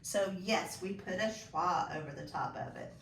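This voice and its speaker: A woman teaching a phonics lesson to children, slow and encouraging with sing-song praise. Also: lowish voice, vocal fry, a bit bright. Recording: echoey room, voice from a distance.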